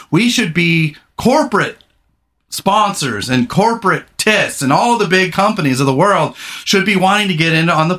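A middle-aged man hosting a podcast in casual chat, rambling, candid and quick to swear. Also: fairly high pitch, bright, forceful tone. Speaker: podcast host.

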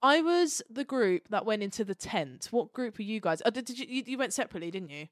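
A woman hosting a podcast, telling stories in an animated, laughing way. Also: fairly high pitch, fast talker, dry recording, studio quality. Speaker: podcast host. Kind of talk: casual podcast chat.

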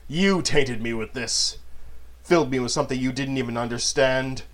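A man's voice: mid-range voice, normal speed, close to an everyday voice. A man voicing a sneering, gleeful villain. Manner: sneering, theatrical. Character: mocking sinister male outcast, gleeful and cruel.

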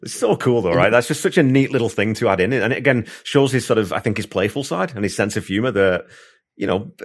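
A man's voice: on the low side, expressive, fast talker. A man hosting an interview, chatty and enthusiastic, rambling through his thoughts with restarts. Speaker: podcast host. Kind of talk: casual interview chat.

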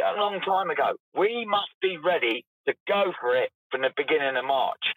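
Animated, indignant football fan man. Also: on the high side, breathy edge, dry recording, poor audio. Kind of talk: emotional fan rant.

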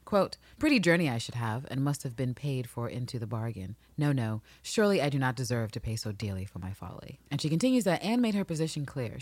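A woman co-hosting a casual podcast, reading historical passages aloud and then riffing on them with animated asides and laughter. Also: a bass voice, no echo. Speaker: podcast co-host. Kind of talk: casual chat, reading from a book.

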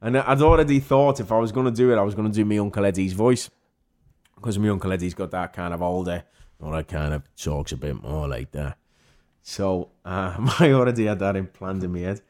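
Guesting on a laid-back interview, a Liverpudlian actor spins chatty anecdotes, mimicking the voices of the people in them. His voice is deep, a touch mellow, and fairly quick.

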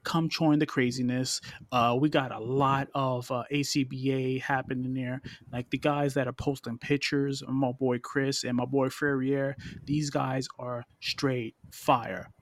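A man's voice: medium pitch, level tone, unhurried, hardly any pauses, dry recording. A man hosting a podcast, chatting casually with a rambling, stammering manner full of restarts. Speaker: podcast host. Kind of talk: casual chat.

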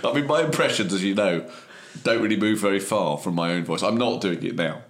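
Low-voiced Englishman, rambling chat. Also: brisk. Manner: rambling, self-mocking, slips into mock voices. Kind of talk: casual chat.

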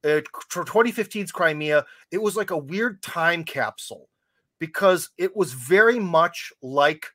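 Podcast host: American man with a higher-than-usual voice, rambling casual chat, wry asides, very dry close sound. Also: sharp tone, no room sound. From United States.

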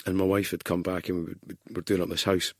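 Scottish guy spinning stories, a bit husky, low voice, dry sound. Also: fast, no echo. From Scotland. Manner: lively storyteller, laughs often, puts on voices. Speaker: podcast guest. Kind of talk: casual chat.

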